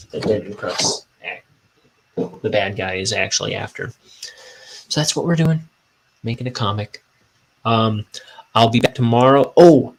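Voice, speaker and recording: A man's voice: lowish voice, creaky, low-quality recording. A man who is a cartoonist, chatting casually and self-mockingly while he inks his comic on a livestream. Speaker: cartoonist streaming his inking.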